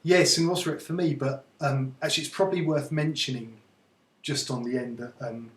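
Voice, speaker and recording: A man's voice: mid-range voice, fairly even intonation, normal speed. A man tutoring in Egyptology, explaining things in a casual, agreeable chatting way. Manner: easygoing, agreeable, conversational. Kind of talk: casual teaching chat. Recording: echoey room.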